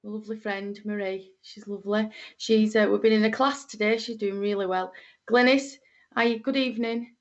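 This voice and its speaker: A woman's voice: mid-range voice, fairly even intonation, moderate pace, lo-fi sound. A middle-aged woman with a Lancashire accent, a medium greeting viewers on a livestream in a homely, chatty way with plenty of fillers. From Lancashire, England.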